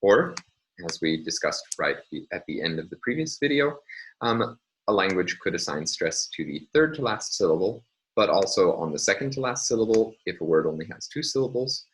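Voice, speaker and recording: A man's voice: sits low, animated, fairly quick, a little hiss or hum, poor audio. A man giving a recorded university phonology lecture, explaining step by step with frequent ums and uhs.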